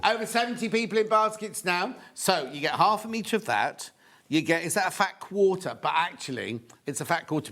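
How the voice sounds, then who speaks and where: Give me a chatty male TV shopping host with a slightly high voice. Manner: chatty and excitable, full of asides and sales counts. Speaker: shopping channel presenter. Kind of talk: live TV shopping presentation. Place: TV studio.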